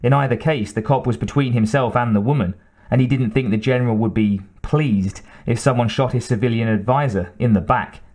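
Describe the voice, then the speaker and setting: A man reading a thriller audiobook in a steady, even narration. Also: medium pitch, brisk. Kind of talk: scripted narration.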